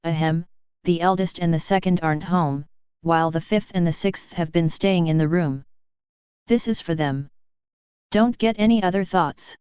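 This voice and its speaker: A woman voicing an earnest, slightly sheepish middle-aged father in a read-aloud story, speaking deliberately. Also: on the low side, darkish tone, smooth, no echo, lightly acted.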